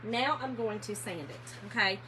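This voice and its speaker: Her voice is medium-pitched, bright and forceful, moving at a moderate clip, though the audio quality is poor. Painting furniture on a laid-back livestream, she chats with viewers, addressing them as "y'all," telling stories and laughing. Workshop noise of sanding and rubbing runs underneath.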